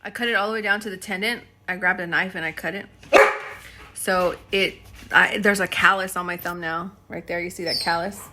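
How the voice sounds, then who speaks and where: A chatty young woman talks straight to camera from her house, rambling from one thought to the next and laughing along the way. Her voice is bright and clear at a middle pitch. A faint hum of room noise sits behind her. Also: fairly even intonation, fairly quick. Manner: chatty, laughs often, talks to her dogs mid-sentence. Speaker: vlogger. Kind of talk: casual rambling vlog chat. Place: home, indoors.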